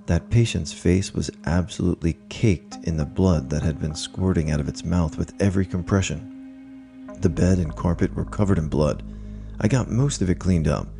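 A man narrating stories in an even, measured scripted read, with faint music behind him. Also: low-pitched, creaky. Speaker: narrator reading online stories.

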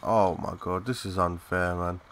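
A young man giving live, excitable commentary over a shooter game, swearing and chatting in slang. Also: low-pitched, measured pace, noisy background. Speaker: gaming commentator.

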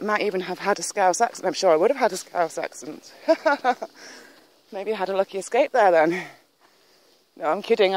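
A woman's voice: fairly low pitch, a little mellow. A woman from northern England talking casually to her own camera on a countryside walk. She rambles and laughs often. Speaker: vlogger. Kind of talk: casual walking vlog. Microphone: handheld camera filming herself.

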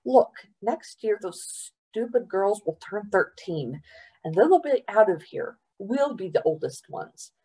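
A woman's voice: medium pitch, animated, a little slow, dark tone, slightly rough, poor audio. A woman reading aloud, voicing a wisecracking, wary boy who grumbles sarcastically. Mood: grumbling.

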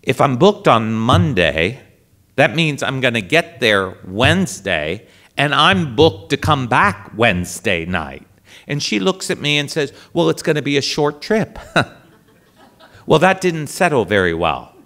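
Middle-aged priest spinning a comic yarn, voice jumps all over, unhurried. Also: male voice, medium pitch. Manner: animated, comic storytelling with acted-out dialogue. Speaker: priest and speaker. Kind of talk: storytelling talk to an audience.

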